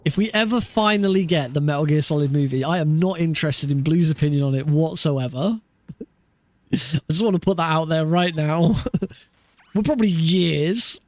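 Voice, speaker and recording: A man's voice: a little high, no room sound. A man chatting casually on a live stream while practicing a speedrun, laughing often and swearing offhandedly.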